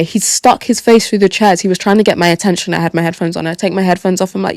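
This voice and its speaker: A young woman tells a rambling story on her own podcast. Her voice sits a little low, and she swears freely and repeats lines for emphasis. The sound is dry and close. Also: steady tone, fast talker, hardly any pauses, darkish tone, dry recording. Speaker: podcast host. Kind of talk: casual solo storytelling.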